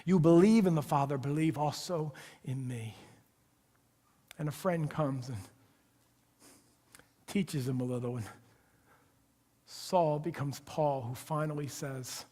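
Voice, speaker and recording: A man with a high voice preaching to his congregation in a church sanctuary. He tells the story casually, dropping to near-whispers and then rising to loud, excited passages, with a long echo from the hall. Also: takes it slowly, pauses often. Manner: conversational storytelling, acts out voices with big swings from hushed to loud. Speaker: pastor. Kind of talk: sermon.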